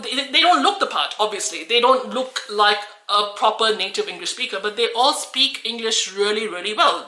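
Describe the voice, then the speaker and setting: A woman's voice: medium pitch, bright, forceful tone, echoey room, low-quality recording. A woman from Australia who coaches English, talking earnestly and encouragingly to camera with frequent restarts. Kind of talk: talking-head video.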